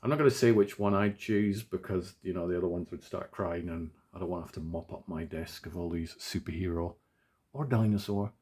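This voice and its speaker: Chatty man with a low voice. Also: fairly quick, darkish tone, breathy edge. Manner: chatty, self-deprecating, talks while working with his hands. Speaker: toy unboxing host. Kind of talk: casual unboxing chat. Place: small home office.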